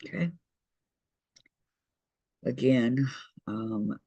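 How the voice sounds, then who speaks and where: Male craft-show host, husky voice, mid-range pitch, chatty work-along delivery with viewer messages read aloud. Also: lively intonation, a little slow, a little mellow, no room sound, poor audio. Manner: mutters to himself while working and reads out viewer messages. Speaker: host of a quilting shop's online meeting. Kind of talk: casual crafting demonstration.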